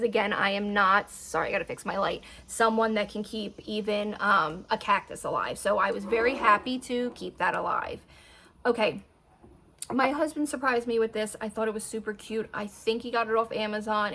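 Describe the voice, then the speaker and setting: A woman's voice: mid-range voice, a bit bright. Chatty woman in her thirties, rambling. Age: 30s. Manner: chatty, rambling, talks to her dogs mid-sentence. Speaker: beauty vlogger. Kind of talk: casual chat.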